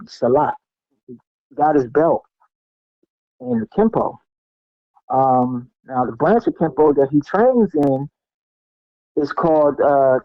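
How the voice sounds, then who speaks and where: Middle-aged man, animated storyteller with a fairly high voice, dry and muffled lo-fi sound. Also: no room sound. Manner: animated, lots of fillers and restarts, acts out what people said. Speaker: podcast guest, martial artist. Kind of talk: casual storytelling.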